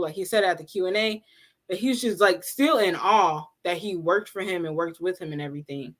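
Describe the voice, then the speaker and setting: A woman hosting a casual livestream, telling a story in an animated, laughing way and acting out what people said. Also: on the low side, brisk. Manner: animated, laughing storyteller who acts out quotes. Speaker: livestream host.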